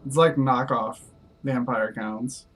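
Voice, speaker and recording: A man's voice: mid-range voice, fairly even intonation, takes it slowly, a little hiss or hum, low-quality recording. A man casually chatting and explaining strategy while playing a co-op strategy game, rambling with lots of "like" fillers. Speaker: co-op game player. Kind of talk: casual chat while gaming.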